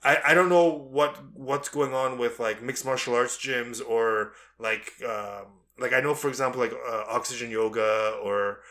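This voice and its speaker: A young man hosting a podcast, chatting casually and telling animated stories with acted-out quarrels. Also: medium pitch, unhurried, few pauses. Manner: animated storytelling, acts out quarrels. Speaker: podcast host. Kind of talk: casual chat.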